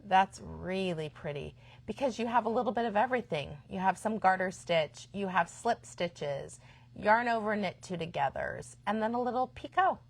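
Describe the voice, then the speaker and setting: A woman in her fifties hosts a yarn shop live stream with an easy, enthusiastic chattiness. Her voice sits at an ordinary middle pitch, and she often slips into quieter asides as she goes. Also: lively intonation, moderate pace. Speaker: shop host. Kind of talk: live-stream product chat.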